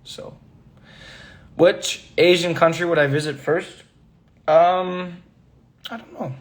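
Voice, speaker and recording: A man's voice: fairly high pitch, steady tone, slow pace. A young man in his twenties on a phone livestream, chatting casually and answering viewer questions, switching languages and laughing often. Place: indoors, working away from home.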